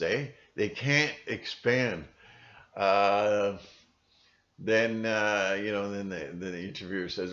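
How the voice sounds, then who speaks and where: Guy rambling to camera, lowish voice, kinda muffled lo-fi sound. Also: takes it slowly, fairly bright tone. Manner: rambling, breaks into mimicking voices. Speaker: video channel host. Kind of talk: casual monologue to camera.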